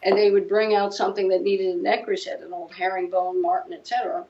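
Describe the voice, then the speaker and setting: A woman's voice: medium pitch, flat delivery, quick pace, darkish tone, muffled recording. A woman in her seventies, a guest musician, chatting casually in an interview and telling rambling anecdotes full of restarts. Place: living room at home.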